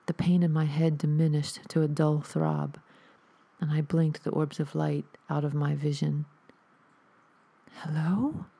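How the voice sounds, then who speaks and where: A woman reading a first-person horror story aloud as narrator, in a steady storytelling delivery. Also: deep voice, normal speed, creaky.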